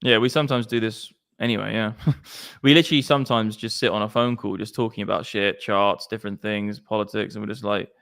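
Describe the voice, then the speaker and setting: Brief: male streamer, casual slangy chat, smooth clear voice. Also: on the low side, fairly even intonation, brisk, few pauses, a bit bright. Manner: chatty, slangy, swearing. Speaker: crypto stream host.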